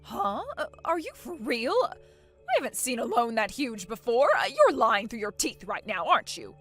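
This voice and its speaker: A woman voicing a bossy, angry middle-aged mother-in-law who talks loudly and indignantly in an animated story. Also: fairly high pitch, normal speed. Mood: alarmed. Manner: loud, indignant, demanding. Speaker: voice actor. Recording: faint music underneath.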